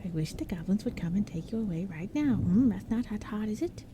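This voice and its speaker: A woman's voice: medium pitch, lively intonation, fairly quick, background noise, close to an everyday voice. A woman whispering a pedantic little goblin man. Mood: impatient. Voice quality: hushed, whispery. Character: impatient pedantic male goblin, small.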